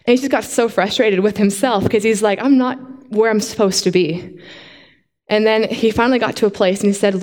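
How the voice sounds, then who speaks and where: A woman preaching a sermon to a congregation in a lively way, often asking them questions. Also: medium pitch, a little fast, big-room sound. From not from Australia.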